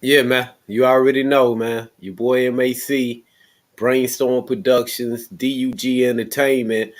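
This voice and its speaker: A man's voice: mid-range voice, flat delivery, unhurried. A man introducing himself on a live online music panel in an easygoing, joking way over a video call. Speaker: producer, panelist. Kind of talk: casual panel chat.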